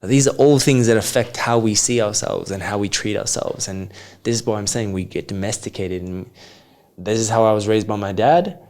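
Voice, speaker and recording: This coach, a guest on a podcast, talks at a moderate pace in a fairly low voice. Reflective in tone, he digs in with probing questions before laying out his ideas in a calm, explanatory manner.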